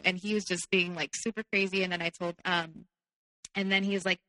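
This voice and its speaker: A woman with a low-set but bright, forceful voice tells her own story openly, leaning on "like" as she goes. Her voice rings on in a long hall reverb. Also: fairly even intonation, fast talker. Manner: candid, heavy use of "like". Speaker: podcast guest. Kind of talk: personal storytelling.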